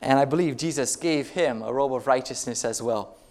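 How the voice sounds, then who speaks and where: A man's voice: medium pitch, moderate pace. A male pastor preaching a sermon, retelling stories in a conversational way and putting rhetorical questions to the congregation.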